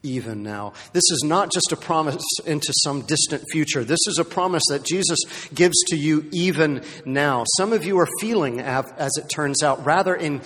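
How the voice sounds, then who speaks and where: A male pastor delivering a sermon in a church sanctuary, his voice carrying a long reverb through the hall. He builds to loud, emphatic peaks and then sinks to hushed, almost whispered lines. Between those swings he talks in a conversational way, with frequent restarts and asides. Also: fairly high pitch, moderate pace, hardly any pauses.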